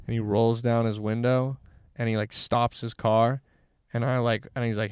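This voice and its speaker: A young man tells a story in loose, rambling chat, full of "like" and swearing. His voice is smooth and resonant, and it sounds close and dry with no room around it. His pitch sits in the middle for a man. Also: flat delivery, normal speed, a little mellow, dry recording. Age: young adult. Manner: rambling, swearing, heavy use of "like". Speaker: guest, former college athlete.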